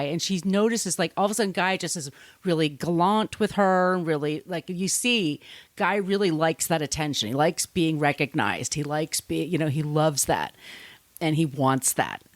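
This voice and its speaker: A woman's voice: fairly low pitch, moderate pace, no room sound. A woman co-hosting a casual podcast, retelling a story in a rambling way and acting out quotes. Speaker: podcast co-host. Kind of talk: casual book-versus-movie chat.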